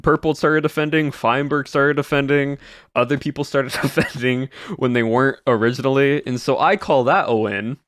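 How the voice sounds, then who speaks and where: A man's voice: medium pitch, fairly even intonation, normal speed, a bit bright, no echo, studio quality. A male streamer chatting casually to his chat as he recaps the year, rambling and repeating words. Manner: rambling, repeats words, trails off mid-sentence.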